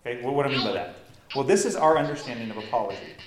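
A man's voice: mid-range voice, animated, rapid-fire, roomy sound, crowd noise, poor audio. A man preaching a sermon as pastor, earnest and emphatic, building intensity as he makes his points.

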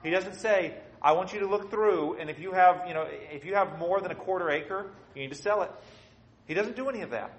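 A man preaching an expository sermon, swinging between soft and loud and acting out quotes. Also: sits high, a little fast, reverberant, dull audio.

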